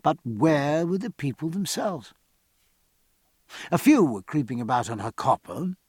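A man narrating a historical sea novel in a measured, expressive audiobook reading. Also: on the high side, breathy edge, no room sound, clean studio sound.

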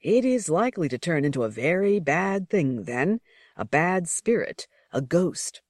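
A reader voicing a deferential male servant who acts as a guide, speaking calmly and politely. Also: medium pitch, a little slow, dry recording, clean studio sound. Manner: calm, polite, explaining.

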